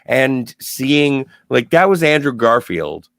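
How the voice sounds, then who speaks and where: A man with a mid-range voice that swings lively up and down as he jumps in with eager takes on a movie in a casual review chat. The recording is dry and close. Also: medium pitch, takes it slowly, no room sound. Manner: enthusiastic, chimes in with opinions. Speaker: podcast co-host.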